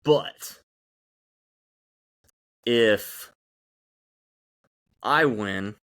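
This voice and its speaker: A man's voice: mid-range voice, extremely slow, a bit bright, clear, resonant tone. A man with a mid-range voice chatting casually on a podcast, laughing often between his sentences. He tells stories in a loose, friendly way. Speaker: podcast co-host. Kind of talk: casual chat among friends.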